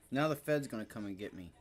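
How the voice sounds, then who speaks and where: A man's voice: mid-range voice, animated, fairly quick. A man hosting a live day-trading stream, chatting casually and joking between exclamations. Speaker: day trading livestream host. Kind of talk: casual live market commentary.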